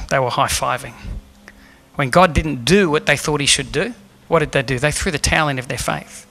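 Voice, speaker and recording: A man's voice: a little high, pushed and bright. A man preaching a sermon as pastor in a church, earnest and emphatic, asking the room rhetorical questions. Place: church hall.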